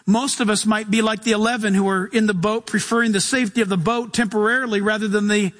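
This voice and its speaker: A male pastor preaches with lively energy, his voice sitting notably high for a man. He slips into little acted voices and loud bursts. The sound rings with a long hall reverb. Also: fast. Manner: animated preaching, acting out voices and shouts. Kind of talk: sermon.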